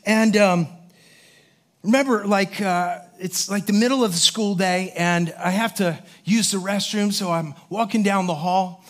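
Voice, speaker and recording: A male pastor preaches with a high, light voice. He tells his stories in an animated way, acting out the other people's lines and filling his talk with "like" and "um". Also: measured pace. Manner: animated storyteller, acts out voices, many fillers. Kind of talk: sermon with storytelling.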